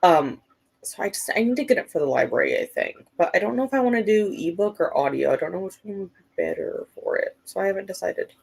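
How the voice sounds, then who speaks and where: A woman's voice: mid-range voice, lively intonation, fast talker, gravelly, a little mellow, husky. A woman hosting a casual livestream, chatting and reading viewer comments aloud, with lots of "like" and "um" fillers. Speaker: livestream host. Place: at home at her computer.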